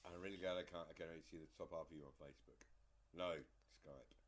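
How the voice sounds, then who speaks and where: A man co-hosting a podcast over a video call, swearing freely and joking crudely in animated banter. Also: deep voice, fast talker. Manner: swears a lot, lively and animated. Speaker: podcast co-host. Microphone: headphones on a video call.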